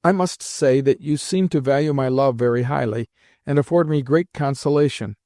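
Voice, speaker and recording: A man's voice: medium pitch, moderate pace, dark tone, no echo, studio quality, natural voice. A man voicing a proud, stern old grandmother who scolds her grandson with emphatic, imperious words.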